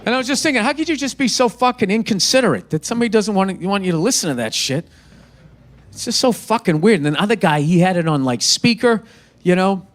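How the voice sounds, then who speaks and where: A man's voice: high-pitched, animated, quick pace. A man in his fifties doing a stand-up routine, ranting in an exasperated, profane way. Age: 50s. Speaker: stand-up comedian.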